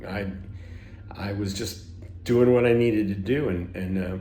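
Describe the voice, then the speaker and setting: A man's voice: lowish voice, a little slow, dark tone, reverberant. A man telling a personal story in a rambling way, with many restarts and self-corrections. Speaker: spiritual teacher.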